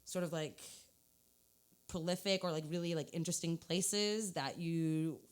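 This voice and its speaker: A young woman from New York, a guest on a casual radio chat in a studio, talking in an animated way with quick asides and laughs. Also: fairly low pitch, smooth.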